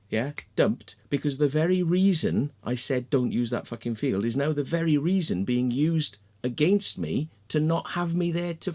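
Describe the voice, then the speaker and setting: A man's voice: mid-range voice, darkish tone. A man vlogging, muttering while he searches his screen, then ranting angrily with constant swearing and repetition. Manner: angry, sweary, repeats himself. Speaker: vlogger and crop circle maker. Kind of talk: ranting screen-share vlog.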